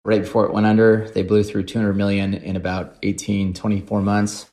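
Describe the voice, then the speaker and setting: A man in his forties tells his career story on a podcast in a relaxed, self-deprecating way. His voice sits low and deep. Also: a little fast. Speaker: podcast guest. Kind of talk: casual storytelling.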